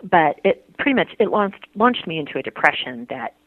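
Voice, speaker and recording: A woman recalls a painful time in her faith life, earnest and halting. She restarts her sentences often, and her voice comes through a tinny, dry phone line. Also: fairly low pitch, big pitch swings, no room sound. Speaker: interviewee. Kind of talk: personal faith interview.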